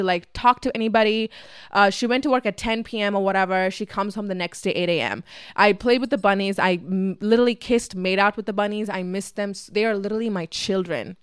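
Chatty young woman with a crisp, dry voice. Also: medium pitch, dry recording. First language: Tamil. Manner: chatty and profane, heavy use of "like". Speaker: podcast host. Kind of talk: casual storytelling.

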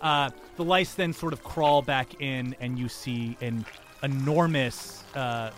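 A man narrating a tabletop game as game master, lively and playful. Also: medium pitch, slow.

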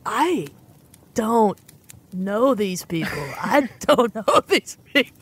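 A woman's voice: a little high, lively intonation, slow, breathy edge. A woman playing a tabletop game, joking playfully in character. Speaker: player. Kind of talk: casual tabletop role-play.

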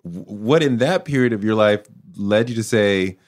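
Low-voiced man host, halting questions. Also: no room sound, clean studio sound. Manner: halting, searching questions with fillers. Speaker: interview host. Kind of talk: casual interview questions.

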